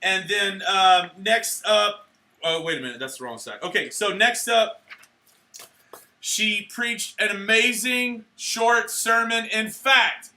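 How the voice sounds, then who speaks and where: A young man emceeing a church awards night, handing out certificates in an energetic, playful way, cheering and joking with the crowd. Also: sits high, slow, a little hiss or hum. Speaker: youth pastor handing out awards. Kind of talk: live church event emcee. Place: church hall at a live event.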